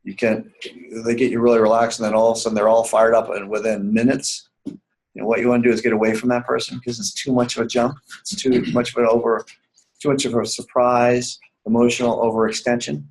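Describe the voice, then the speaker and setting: A man's voice: mid-range voice, flat delivery, a little fast, darkish tone, low-quality recording. A man teaching a writing seminar class live, emphatic and repetitive, often asking the students whether they follow. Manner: emphatic, repeats key points, asks the class questions.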